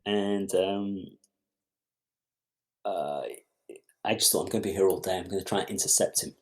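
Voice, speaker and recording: Deep-voiced middle-aged man telling stories. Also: moderate pace. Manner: lively storyteller who acts out other people's lines. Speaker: podcast guest, film director. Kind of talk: anecdotal storytelling in conversation.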